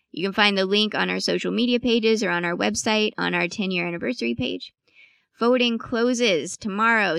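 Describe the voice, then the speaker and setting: Woman host, gravelly but crisp, dry booth sound. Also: medium pitch, fairly bright tone, no room sound. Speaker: podcast host. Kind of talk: scripted announcements.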